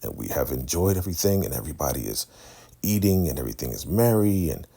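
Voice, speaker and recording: A man casually recapping a TV episode, telling the story in an animated way and slipping into the characters. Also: very deep voice, fast, creaky, breathy edge. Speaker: show recap host.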